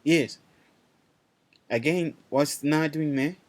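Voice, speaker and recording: A man's voice: fairly high pitch, slow pace, a little mellow. A man teaching a language class online, talking loosely, repeating himself and checking in with his students.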